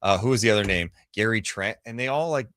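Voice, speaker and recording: A man co-hosting a live sports radio show in casual, chatty talk, reacting quickly and reading viewer comments aloud from a studio. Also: lowish voice, fairly bright tone, slight background noise.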